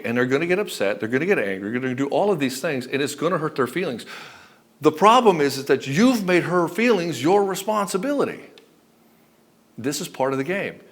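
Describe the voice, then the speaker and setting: A man's voice: a little high, fairly bright tone. A man giving relationship advice as a coach, speaking bluntly and emphatically, with frequent swearing. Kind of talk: direct-to-camera advice monologue.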